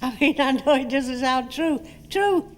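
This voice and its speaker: An older actress telling lively stories about her career in an interview, acting out what people said. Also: high voice, a little slow, long reverb tail. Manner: chatty anecdotal, acts out quotes. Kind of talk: storytelling interview.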